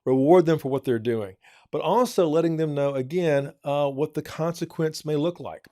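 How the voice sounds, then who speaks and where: A man's voice: fairly high pitch, moderate pace, warm tone, dry recording, studio quality. A man on a church program giving earnest parenting advice, often repeating his points for emphasis. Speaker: church family counselor. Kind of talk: advice talk.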